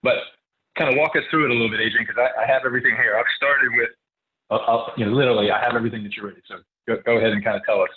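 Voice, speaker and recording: A man's voice: mid-range voice, steady tone, rapid-fire, noisy background. Man, online host, loose casual delivery; tinny video-call audio. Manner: loose, rambling, upbeat.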